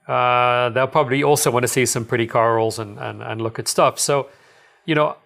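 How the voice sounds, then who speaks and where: A man's voice: mid-range voice, steady tone, normal speed, gravelly, a bit bright. Enthusiastic middle-aged man telling dive stories. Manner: rambling and enthusiastic, many fillers, chuckles often. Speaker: dive shop owner, guest. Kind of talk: casual storytelling interview.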